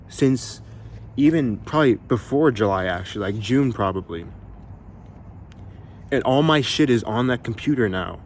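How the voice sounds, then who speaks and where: A young male musician vlogger vents to camera, rambling and exasperated, with plenty of fillers and swearing aimed at his viewers. His voice sits at a medium pitch with a darkish tone, and there's slight background noise.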